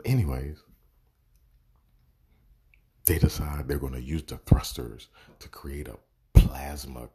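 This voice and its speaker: A man's voice: extremely low pitch, dark tone, breathy edge. A man giving a casual, profane movie review, exasperated and sarcastic, swearing constantly.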